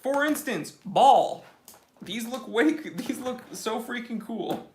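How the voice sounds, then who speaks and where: A man's voice: very high-pitched, animated, slow pace, a little mellow, a little hiss or hum. A young man hosting a casual live-stream Q&A from his phone, giving blunt, opinionated answers in slangy talk. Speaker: watch channel host.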